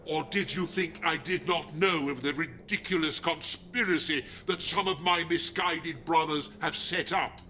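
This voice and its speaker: A man voicing a megalomaniac male leader of a druid order in a video game, talking in a slow, menacing, pompous way. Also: a little high, bright, forceful tone, slight background noise. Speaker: game villain.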